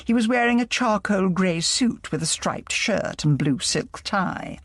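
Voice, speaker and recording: A narrator reading an audiobook in a lively, expressive way, with a gravelly voice. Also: medium pitch, measured pace, dry recording, studio quality.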